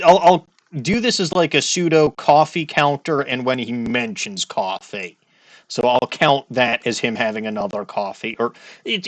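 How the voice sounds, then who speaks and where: A man's voice: medium pitch, fairly bright tone, no room sound. A man with a Midwestern accent giving joking, rambling commentary over a courtroom game. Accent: Midwestern American. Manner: rambling, joking, self-interrupting. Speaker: let's play host. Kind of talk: casual gameplay commentary.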